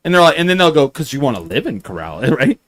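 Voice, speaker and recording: A man's voice: fairly high pitch, sing-song, quick pace, a bit bright, no echo. A man hosting a podcast in casual chat, telling rambling stories with a lot of swearing. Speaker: podcast host.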